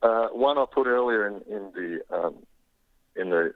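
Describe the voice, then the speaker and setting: A man from Australia with an Australian accent calling in to a show, friendly and quick to laugh. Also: lowish voice. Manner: friendly, laughs easily, says mate. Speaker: caller. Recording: phone line.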